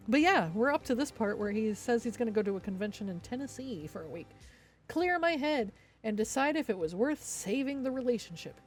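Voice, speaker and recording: A young woman streamer rants in angry, sarcastic bursts, swearing constantly and sounding proudly petty. Her voice sits a touch higher than most. Faint background music plays under her talk. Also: animated, a little fast. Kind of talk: ranting commentary on stream.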